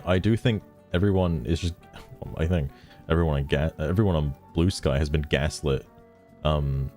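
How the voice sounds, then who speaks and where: A man's voice: rumbling low, darkish tone. A man doing casual sarcastic commentary as a streamer while he reads social media posts aloud, laughing as he goes. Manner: sarcastic, laughing, mocking voices when reading.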